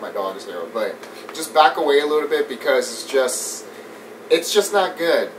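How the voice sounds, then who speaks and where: A man giving a casual, animated movie review rant. He swears often, laughs a lot and mimics scenes as he talks. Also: fairly high pitch, moderate pace. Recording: distant mic with faint background noise.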